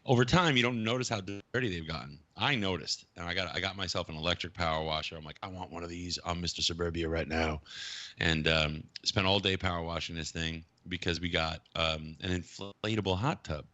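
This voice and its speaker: A man's voice: low voice, a little fast, bright, forceful tone, dry recording. A man in casual podcast chat, rambling and swearing as he laughs at his own habits. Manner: rambling, profane, self-mocking.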